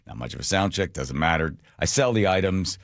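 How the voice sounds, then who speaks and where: Middle-aged male radio host, lively low voice, dry studio sound, self-mocking storyteller. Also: fairly quick, creaky, no room sound. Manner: animated, self-mocking, laughs at his own stories. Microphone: studio microphone.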